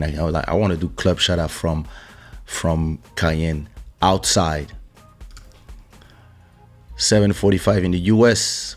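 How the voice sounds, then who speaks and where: A man with a very low voice, hoarse from losing it, speaking slowly and easily as he hosts a live-stream podcast. He greets viewers by name and thanks them in a relaxed, unhurried chat over a faint bed of music. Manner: greets viewers by name, warm shout-outs. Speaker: podcast host. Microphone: studio microphone.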